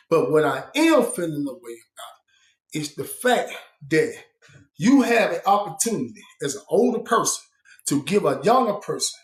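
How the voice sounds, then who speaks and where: A man casually telling a story about his time in prison. His talk is blunt and profane, full of fillers, and he changes his voice to act out the people he quotes. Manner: shifts pitch and loudness to act out quoted people. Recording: roomy echo.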